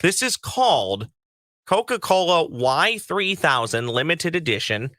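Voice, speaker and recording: A man's voice: a little high, sing-song, measured pace, pushed and bright, dry recording, clean studio sound. A man co-hosting a casual radio podcast, joking and rambling easily. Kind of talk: casual chat.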